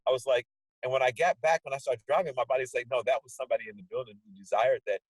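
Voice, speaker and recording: Animated man telling stories, husky voice. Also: medium pitch, rapid-fire, no echo, poor audio. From Portland area, USA. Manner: animated storyteller, acts out his own inner dialogue. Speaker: guest. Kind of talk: casual conversation over video call. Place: indoors at home, sunny day. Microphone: video call setup.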